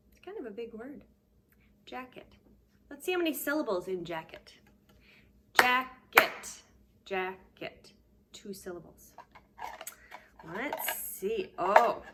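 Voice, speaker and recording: A woman teaching a remote preschool lesson, patient and sing-song, sometimes dropping to a hushed whisper to give clues. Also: a little high, expressive, a little slow, long pauses, very noisy. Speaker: daycare teacher.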